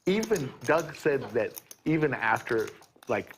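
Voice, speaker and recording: A man's voice: medium pitch, sing-song, measured pace, slight background noise. An older man, a poker player, telling easygoing stories at the table during a live stream.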